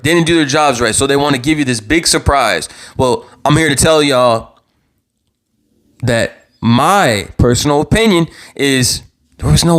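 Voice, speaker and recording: A man hosts his own live talk stream in a heated, passionate rant. His voice sits a bit high for a man, and he keeps doubling back on words and swearing as he works himself up. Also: a bit bright. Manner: worked up, repeats himself, swears. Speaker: show host. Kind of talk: impassioned live commentary. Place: own channel livestream.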